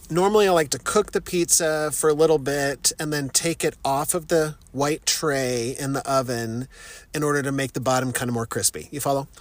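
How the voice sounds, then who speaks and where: A middle-aged man casually telling a story, profane and animated, mocking himself and laughing often. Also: fairly high pitch, no echo. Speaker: vlogger.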